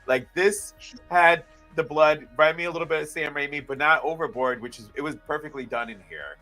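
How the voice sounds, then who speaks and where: A man's voice: fairly high pitch, fairly even intonation, fairly quick, pushed and bright, soft background music, poor audio. A man hosting a live horror movie review, talking loosely and handing questions to his co-host. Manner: loose, enthusiastic, hands off questions. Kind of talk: casual live review chat.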